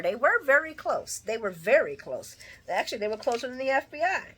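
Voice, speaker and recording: A woman hosting a casual, chatty recap, animated and slangy, who laughs and acts out lines. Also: a little high, brisk, breathy edge. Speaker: channel host. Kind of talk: casual soap opera recap.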